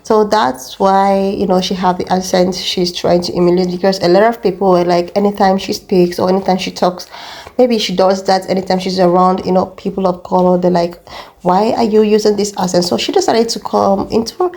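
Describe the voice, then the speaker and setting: Woman host, mid-pitched, chatty, speaks straight to her viewers. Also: fairly even intonation, brisk, a little mellow. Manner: chatty, addresses viewers directly. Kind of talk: casual commentary to viewers.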